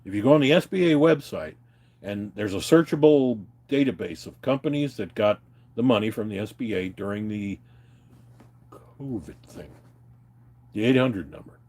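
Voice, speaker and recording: A man's voice: on the low side, expressive, normal speed, long pauses, darkish tone. A man livestreaming an unscripted, agitated rant, swearing and telling his viewers about his grievances. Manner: agitated, profane, ranting and telling stories to viewers. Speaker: livestreamer answering chat.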